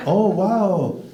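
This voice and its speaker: A man performing a stand-up comedy set on a club stage, chatting with the crowd between jokes. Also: high-pitched. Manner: conversational, jokey asides to the crowd. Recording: echoey club, mic heard from a distance, noisy. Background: audience laughter.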